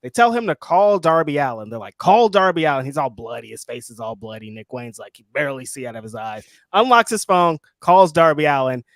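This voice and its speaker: A man co-hosting a casual wrestling recap, telling the story with animated energy and acting out quotes. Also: a little fast, hardly any pauses, no echo, studio quality. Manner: animated storyteller, acts out quotes in high voices. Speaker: co-host.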